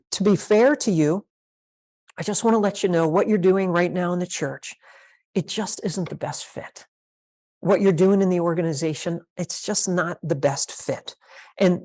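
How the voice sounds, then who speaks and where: A woman pastor with a fairly low voice leads a master class for church leaders. She speaks emphatically, drives points home by repeating key phrases, and now and then acts out how a conversation should sound. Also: a little mellow. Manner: emphatic, repeats key phrases, role-plays sample talks.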